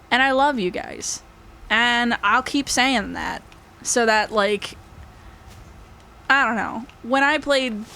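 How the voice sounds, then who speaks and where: Gushing young woman, slow and high. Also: creaky, sharp tone. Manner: gushing, emotional, laughs often; rambling with many fillers. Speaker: gaming YouTuber. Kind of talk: casual chat to viewers.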